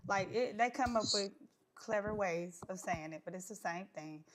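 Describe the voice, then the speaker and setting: A woman's voice: lowish voice, normal speed, background noise. A woman hosting a casual live chat, outspoken and conversational. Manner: outspoken, conversational with filler words. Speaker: host of a live stream.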